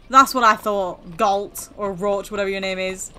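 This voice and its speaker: A woman's voice: medium pitch, fairly even intonation, normal speed, pushed and bright. A woman hosting a gaming channel, chatting playfully and teasing through her game commentary.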